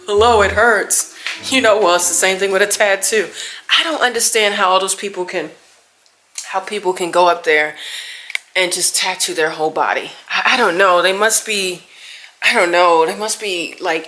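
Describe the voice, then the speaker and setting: A middle-aged woman with a mid-range voice vlogs to camera in casual chat. She is animated and exclaims, then trails off into soft musing, with faint music in the background.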